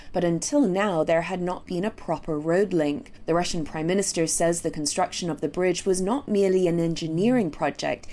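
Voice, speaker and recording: Mellow low-voiced female correspondent. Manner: even, formal report voicing. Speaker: foreign correspondent. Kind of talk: scripted news report.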